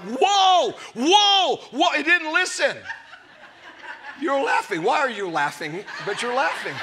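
A man in his fifties preaching a sermon to a live congregation, emphatic and often shouting, with jokey storytelling. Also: high-pitched, a little hiss or hum. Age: 50s. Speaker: pastor. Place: church service before a live congregation.

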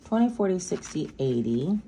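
A woman's voice: lowish voice, sing-song, normal speed, mellow, a little hiss or hum. Chatty woman counting cash aloud. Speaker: budgeting vlogger. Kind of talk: casual cash-stuffing vlog.

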